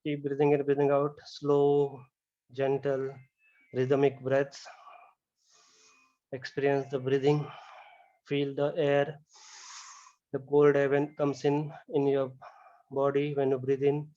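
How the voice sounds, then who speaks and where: A man leading a guided yoga relaxation, talking slowly and calmly with many "you know"s. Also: mid-range voice, lo-fi sound. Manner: slow, calm step-by-step guidance with frequent "you know". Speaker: yoga instructor. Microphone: camera mic.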